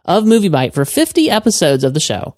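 A man's voice: on the high side, sing-song, a little fast, darkish tone, dry recording, clean studio sound. A man hosting a casual movie podcast, playful and self-mocking, often laughing. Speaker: podcast host.

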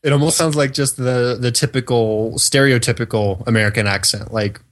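Guy on a movie podcast, kinda hesitant, mid pitched, plain voice. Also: fairly quick. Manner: hesitant, laughs between remarks. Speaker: podcast co-host. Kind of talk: casual movie review chat.

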